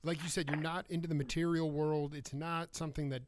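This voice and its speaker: A man's voice: a little high, flat delivery, a little fast, background noise. Rambling man host asking questions. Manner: rambling questions with many restarts and fillers. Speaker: radio show host. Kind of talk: interview questions.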